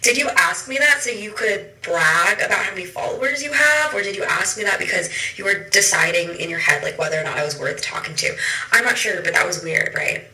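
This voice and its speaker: A chatty young woman tells a story in a casual way and acts out each person's lines. Her voice is very bright and sits in an echoey room. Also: mid-range voice, brisk. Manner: chatty, acts out dialogue with a swearing punchline. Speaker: content creator.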